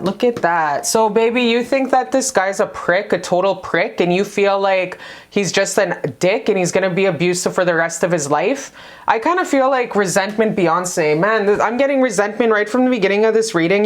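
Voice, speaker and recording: Chatty, blunt woman tarot reader. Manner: chatty and blunt, swears freely, addresses viewers as "you guys"; animated, jumps in pitch for emphasis. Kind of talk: casual love tarot reading to camera.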